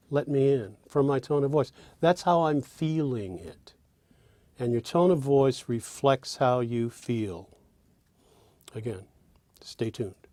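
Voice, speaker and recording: A man teaching songwriting, explaining phrasing in a measured way with small hesitant pauses. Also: mid-range voice, a little mellow, no echo. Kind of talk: explaining song structure.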